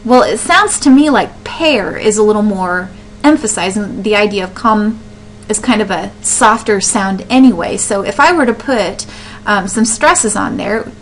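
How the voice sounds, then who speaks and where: A woman teacher explaining poetry step by step, sounding words out slowly to show where the stress falls. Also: medium pitch, expressive, poor audio. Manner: explains step by step, with fillers and restarts. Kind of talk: classroom lesson on poetry.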